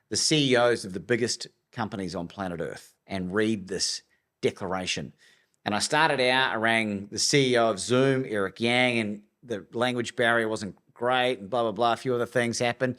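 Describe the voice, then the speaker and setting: An Australian man tells a story as a podcast guest, in a lowish voice. He is animated and acts out each side of the dialogue. He speaks like a coach and speaker who is used to holding a room.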